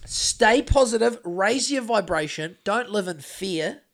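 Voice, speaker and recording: A man's voice: high-pitched, animated, a little slow, a bit bright. A man, co-hosting a podcast in casual chat, rambling and swearing with lots of restarts. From New Zealand. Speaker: podcast co-host.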